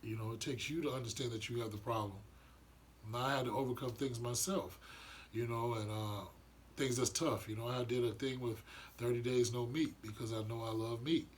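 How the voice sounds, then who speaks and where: A man's voice: medium pitch, steady tone, normal speed, a little hiss or hum. A man giving an earnest, rambling monologue about spiritual matters, often restarting his sentences. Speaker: vlogger sharing spiritual views. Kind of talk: casual reflective monologue.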